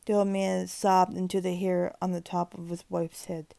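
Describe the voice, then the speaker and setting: A woman reading a creepypasta aloud in a steady, grim narration with occasional restarts. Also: lowish voice, moderate pace, gravelly, no echo. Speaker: horror story narrator.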